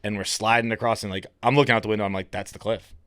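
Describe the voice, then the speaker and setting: A fairly low-voiced man from Massachusetts, a podcast guest telling rambling stories and laughing at himself. The sound is dry and close, with no room echo. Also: fairly even intonation, very fast, fairly bright tone. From Fall River, Massachusetts. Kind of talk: casual chat.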